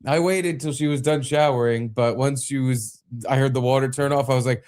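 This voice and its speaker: Young male co-host, animated, swears a lot, mid-pitched voice, casual chat. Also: brisk, smooth. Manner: animated storyteller, swears freely. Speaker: podcast co-host.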